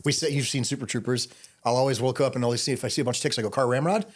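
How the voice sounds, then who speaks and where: A man tells stories as a podcast guest in a quick, loose, rambling way, full of fillers. His pitch sits in an ordinary middle range. He keeps up a brisk pace throughout. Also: fairly even intonation. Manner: fast, rambling, with many fillers. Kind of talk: casual interview storytelling.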